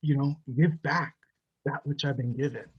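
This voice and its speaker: A man's voice: mid-range voice, fairly even intonation, moderate pace, husky, muffled recording. A young man giving a personal faith testimony, telling his story with strong feeling and many restarts. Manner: emotional storytelling, rising and louder at the climax, many restarts.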